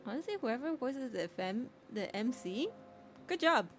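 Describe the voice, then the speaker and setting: A woman streamer giving playful, chatty commentary on a game, reading the on-screen text aloud and reacting loudly. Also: on the high side, lively intonation, moderate pace, soft background music.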